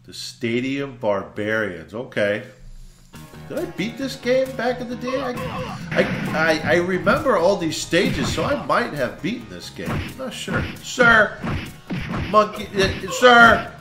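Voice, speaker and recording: Man, gameplay commentary, excitable and cursing, higher voice, very lively pitch. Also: unhurried. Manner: excitable, swears and shouts at enemies. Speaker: let's play host. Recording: echoey room with game music.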